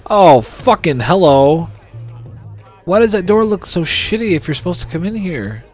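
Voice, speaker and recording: A man's voice: sits high, very animated, moderate pace, darkish tone, faint music behind. A young man hosting casual gameplay commentary, sarcastic and full of swearing and jokes into a desk microphone. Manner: profane, sarcastic, joking. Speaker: let's play host.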